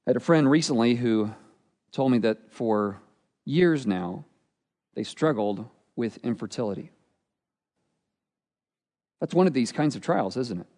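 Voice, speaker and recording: A pastor preaching a sermon with earnest, expressive delivery, often dropping to a quiet, intense tone. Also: male voice, medium pitch, a little slow, pauses often. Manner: earnest, expressive preaching with dramatic drops in volume. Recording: long hall reverb.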